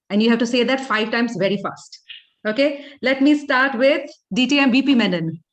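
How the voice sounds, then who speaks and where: Woman, fairly high voice, video-call host, chatty, welcoming. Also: animated, moderate pace. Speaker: meeting host. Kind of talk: hosting an online club meeting.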